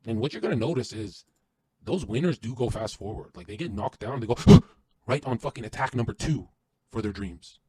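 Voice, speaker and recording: A man guesting on a podcast, delivering an intense, profane motivational rant that swings from loud to hushed. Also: medium pitch, animated, fairly quick, breathy edge, dry recording.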